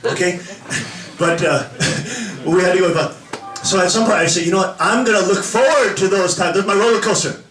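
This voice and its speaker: A man preaching a sermon, animated and laughing often as he acts out little scenes for the congregation. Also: high-pitched, fairly quick, roomy sound, far from the mic, poor audio. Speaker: pastor. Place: church hall with an audience.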